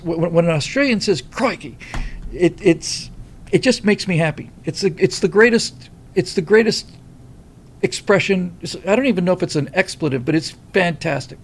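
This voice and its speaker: A middle-aged man hosting a casual livestream, rambling and animated as he reads viewer comments. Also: fairly high pitch, gravelly, slight background noise. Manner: rambling, animated, many restarts. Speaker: livestream host reading super chats.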